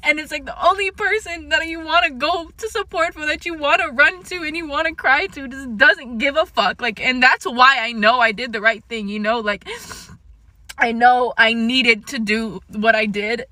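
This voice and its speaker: A woman's voice: high-pitched, normal speed, pushed and bright, no room sound. A young woman in a confessional vlog, tearful and shaky, rambling with many fillers and swear words. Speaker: vlogger.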